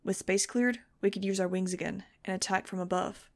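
A woman's voice: mid-range voice, fairly even intonation, fairly quick. A woman narrating a novel in a wry first-person style for a fan audiobook. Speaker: audiobook reader.

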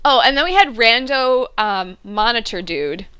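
A woman's voice: a little high, a little slow, clear, resonant tone. A woman co-hosting a podcast, recapping an episode in casual chat, sarcastic and laughing as she talks. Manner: animated, sarcastic, laughs mid-sentence. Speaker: podcast co-host.

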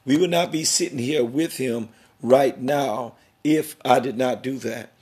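A man's voice: medium pitch, a little slow, a little mellow. A middle-aged man hosting a podcast interview, talking in an emphatic, preachy, rambling way about worth and family. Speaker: podcast host.

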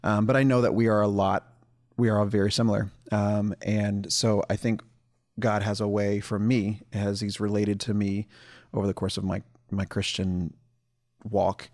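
A man's voice: fairly low pitch, flat delivery, normal speed, darkish tone. A man in his thirties co-hosting a podcast in casual chat, rambling with many ums and restarts. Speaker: podcast co-host.

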